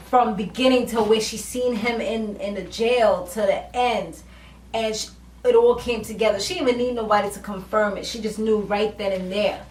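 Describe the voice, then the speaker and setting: A woman's voice: on the high side, a little hiss or hum. A woman vlogger recapping a TV episode in casual, slangy talk, animatedly acting out the characters' lines. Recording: roomy, distant from mic, faint ambience.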